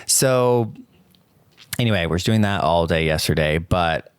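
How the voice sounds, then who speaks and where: A man co-hosting a podcast, chatting casually and telling stories quickly with lots of fillers. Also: sits low, lively intonation, smooth, no room sound. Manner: quick, loose storytelling with many fillers. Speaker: podcast co-host. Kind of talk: casual chat.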